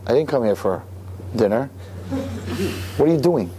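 A man's voice: mid-range voice, expressive, normal speed, background noise, lightly acted. A man voicing a depressed teenage yeshiva boy who talks in a mocking, sarcastic way.

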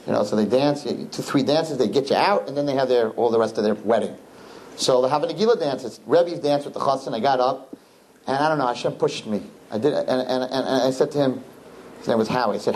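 A man, a rabbi, telling his students a story in an animated, repetitive way, with Hebrew and Yiddish words mixed in. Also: mid-range voice, a little hiss or hum, poor audio. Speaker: rabbi teaching a class.

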